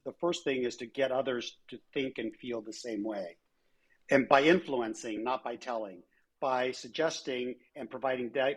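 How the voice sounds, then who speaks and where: An older man with a husky, slightly breathy voice tells stories in a relaxed interview. He restarts often and slips into quoted voices as he talks. His pitch sits in an ordinary middle range. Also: low-quality recording. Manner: animated storyteller with frequent restarts and quoted voices. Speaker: former airline chief executive, interview guest. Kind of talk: conversational interview storytelling.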